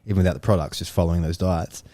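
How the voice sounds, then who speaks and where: Aussie podcast co-host, mellow, relaxed storyteller, casual and sweary. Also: male voice, sits low, dry recording. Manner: storytelling, swears freely, quick asides. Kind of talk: casual chat.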